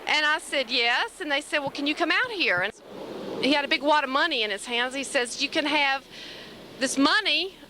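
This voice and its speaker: A woman excitedly telling a rambling story to a home camcorder at home, acting out what everyone said. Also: high voice, normal speed, noisy background. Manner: excited, rambling retelling with many quoted lines.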